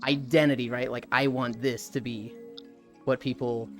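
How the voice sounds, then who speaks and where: Hosting a live stream with a guest, a woman with a very deep voice talks at normal speed over faint background music. She's animated, swears freely, and reads chat aloud, greeting viewers as she goes.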